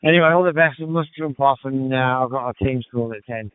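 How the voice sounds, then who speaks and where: A man with a Birmingham accent chatting relaxed on a ham radio net, with many fillers. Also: medium pitch, fairly quick, clear, resonant tone, dry recording. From England. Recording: tinny radio transmission, dry.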